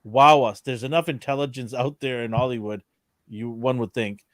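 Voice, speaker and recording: An opinionated man co-hosting a casual podcast chat, given to ranting. His voice sits at a medium pitch. The sound is dry and close, with no room around it. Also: steady tone, normal speed, a bit bright, no echo. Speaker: podcast co-host.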